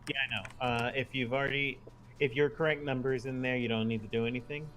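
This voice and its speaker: A man running a tabletop game as game master, relaxed and halting with plenty of fillers. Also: mid-range voice.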